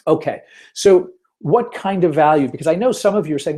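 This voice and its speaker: A man's voice: on the high side, lively intonation, moderate pace, warm tone. A man hosting a casual webinar, chatty and self-deprecating, with lots of fillers as he tells stories. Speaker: webinar host. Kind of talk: casual webinar talk with storytelling.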